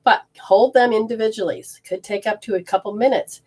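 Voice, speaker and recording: A woman's voice: on the high side, brisk, mellow, slightly rough. A woman leading a live energy healing session, rambling and often breaking off mid-sentence as she walks through hands-on techniques. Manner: rambling, self-interrupting, explains hands-on techniques. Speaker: energy healer.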